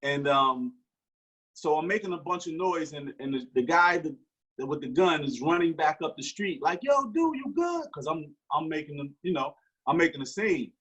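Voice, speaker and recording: Husky-voiced man telling a story. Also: on the high side, normal speed, muffled recording. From Newark, New Jersey. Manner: animated storyteller acting out quoted dialogue. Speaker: guest. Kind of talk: storytelling in an interview.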